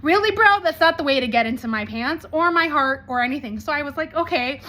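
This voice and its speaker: A woman in her forties with a bright, high-pitched voice talks straight to camera. She is blunt and animated, with swearing scattered through her talk. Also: a little fast, hardly any pauses. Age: 40s. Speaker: vlogger.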